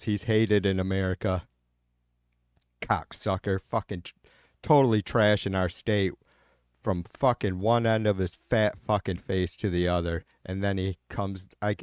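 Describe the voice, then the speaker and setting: A man's voice: fairly low pitch, dry recording. Man, from michigan, livestream host, swearing rant, fillers and restarts, dry close sound. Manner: profane, angry ranting with frequent fillers and restarts. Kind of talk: casual livestream chat reading viewer comments.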